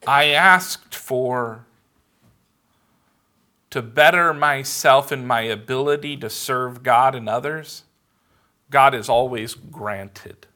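Slow, bright-voiced preaching man. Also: medium pitch. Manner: earnest, measured preaching with emphatic pauses. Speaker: pastor. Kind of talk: sermon.

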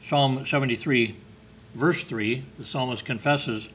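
A man's voice: medium pitch, lively intonation, measured pace, long pauses, pushed and bright, a little hiss or hum. A man preaching a sermon in a conversational way, asking his listeners questions and reading scripture aloud. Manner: conversational preaching with rhetorical questions and emphatic lifts; reads scripture in King James wording.

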